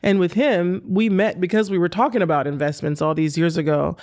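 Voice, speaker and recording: A woman in her forties telling lively stories as an interview guest, acting out the dialogue and laughing often. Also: fairly low pitch, fairly quick. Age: 40s. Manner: animated, laughing, acts out quoted dialogue. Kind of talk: storytelling in a casual interview.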